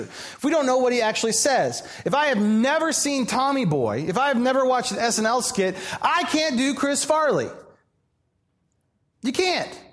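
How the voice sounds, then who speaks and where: High-voiced man preaching a sermon. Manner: animated and self-deprecating, with humorous asides. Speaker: pastor.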